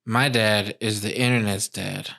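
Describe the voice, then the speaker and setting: A man co-hosting a podcast in casual chat, laid-back and quick to laugh. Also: fairly low pitch, steady tone, vocal fry, bright, forceful tone. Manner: laid-back, laughs often, puts on mock Italian accents. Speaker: podcast co-host.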